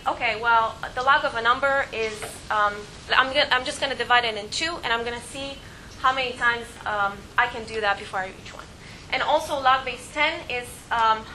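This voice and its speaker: Bright-voiced woman teaching math. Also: a little high, a little hiss or hum, poor audio. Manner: explanatory, many fillers and restarts. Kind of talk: classroom math lecture.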